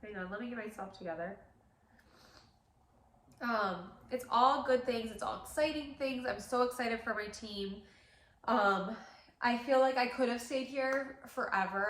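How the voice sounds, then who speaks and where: Filming a casual vlog in her salon, the owner, a woman in her thirties, speaks at a moderate pace in a slightly high, fairly bright voice. She's emotional, tearing up, and uses lots of fillers. There's a roomy echo from the space.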